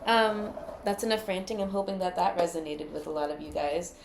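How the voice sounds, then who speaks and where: A woman's voice: fairly low pitch, little pitch movement, a little fast, gravelly, roomy sound, noisy background. A woman giving a casual tarot reading, chatty, loose and full of profanity. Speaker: tarot card reader.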